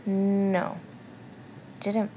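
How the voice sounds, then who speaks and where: A woman's voice: medium pitch, completely flat delivery, very slow, dark tone, a little hiss or hum. A woman co-hosting a podcast in casual late-night chat. She is very tired and tells stories in a playful, sarcastic way. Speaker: podcast co-host.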